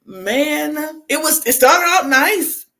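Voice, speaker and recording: Animated podcast co-host recapping a show. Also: sits high, slow pace, faint music behind. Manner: lively storyteller who acts out quotes. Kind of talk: casual chat, recapping a reality show.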